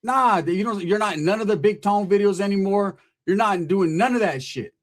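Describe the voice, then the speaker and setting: A man's voice: sits high, moderate pace. A man hosting his own channel, delivering a profane, taunting roast of a rival in a casual, street-slang rant to the camera. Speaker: channel host.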